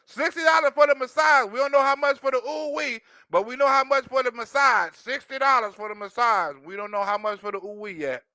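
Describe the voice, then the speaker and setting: A man hosting a live stream, reacting loudly to a clip with jokes, laughter and repetition. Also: very high-pitched, fairly quick, hardly any pauses, no echo. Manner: loud, joking, laughs often, repeats himself. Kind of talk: casual stream commentary.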